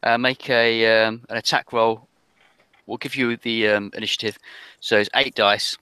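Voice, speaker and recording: A man running a tabletop role-playing game, narrating in a halting, meandering way. His voice is low but bright and forceful, and the recording is dry and close. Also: steady tone, clean tone, no echo. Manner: meandering, hesitant with many ums and restarts. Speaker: game master.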